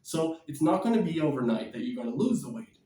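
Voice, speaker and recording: Energetic, preachy male diet vlogger. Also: fairly high pitch, fast talker, reverberant, recorded from a distance. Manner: energetic, bouncing and shadow boxing while talking; blunt, preachy. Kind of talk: casual motivational vlog.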